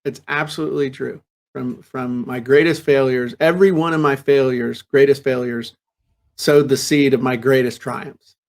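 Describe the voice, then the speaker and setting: A man hosting a casual business podcast, telling a personal story with lively restarts and repeated words. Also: mid-range voice, moderate pace, creaky. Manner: laughs easily and jokes. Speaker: podcast host. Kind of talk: casual chat.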